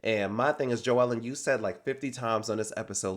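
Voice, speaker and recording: Sassy, animated man recapping reality TV. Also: mid-range voice, a little fast. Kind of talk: casual reality TV recap commentary.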